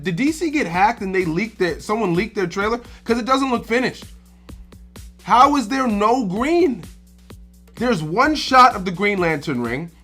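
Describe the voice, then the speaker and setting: A man's voice: sits high, pushed and bright. A man hosting his own movie reaction channel, ranting emphatically and with profanity, asking "all right?" again and again. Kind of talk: ranting casual commentary.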